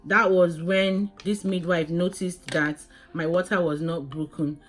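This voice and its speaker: A woman vlogging her labor story in a casual, animated way, often calling viewers "guys" and restarting her sentences. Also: lowish voice, unhurried, soft background music.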